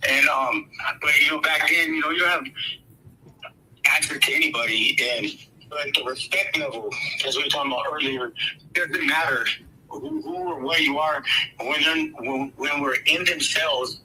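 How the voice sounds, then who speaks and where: A man's voice: mid-range voice, bright, forceful tone, slight background noise, rough recording. A man telling a long, rambling personal story in casual talk, swearing freely and restarting his sentences. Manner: rambling, swears freely, laughs through tense moments. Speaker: guest storyteller.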